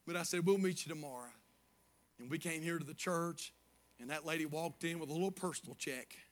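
A man preaching a sermon as pastor, moving from quiet storytelling to shouted praise. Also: a little high, a little fast.

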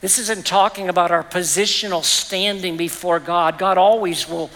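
A man's voice: high voice, steady tone, normal speed, sharp tone. A middle-aged man preaching a sermon as pastor, earnest and personal, telling stories to make his point. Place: church. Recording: reverberant church hall.

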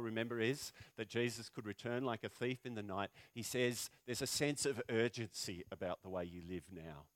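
A man preaching a sermon in a fairly low voice, talking to his congregation as if in conversation and tossing in rhetorical questions. He swings from loud, emphatic lines down to quiet, hushed ones. The sound is dry and close, with little room echo. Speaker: pastor.

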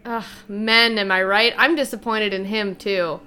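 A woman's voice: mid-range voice, steady tone, unhurried, bright, forceful tone, smooth. A woman playing a tabletop role-playing game, joking in character and rambling with lots of "like.". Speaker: player.

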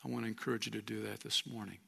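A man's voice: fairly low pitch, flat delivery, very fast, creaky, fairly bright tone, slightly rough. A man preaching a sermon as pastor, earnest, rising and falling in volume. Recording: long reverb of a large hall.

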